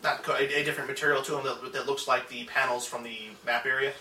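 A man narrating a tabletop game as game master, describing scenes slowly with many pauses and fillers. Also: mid-range voice, level tone, bright, forceful tone, a little hiss or hum. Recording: echoey room, far from mic.

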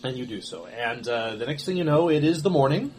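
A man narrating a tabletop game as game master, relaxed and hesitant with many fillers. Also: medium pitch, fairly quick, a little hiss or hum.

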